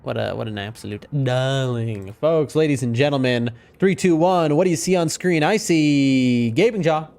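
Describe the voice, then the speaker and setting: A man live-streaming a video game, chatting excitedly with his viewers. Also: medium pitch, normal speed, creaky, few pauses. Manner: excitable, chatty, talks to chat. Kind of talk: live gameplay stream chat.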